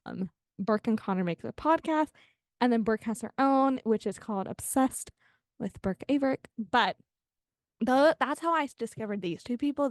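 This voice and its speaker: A woman's voice: a little high, dry recording, clean studio sound. A young woman hosting a casual solo podcast, rambling and gushing as she trails off and restarts. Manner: rambling, gushing, self-interrupting. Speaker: podcast host.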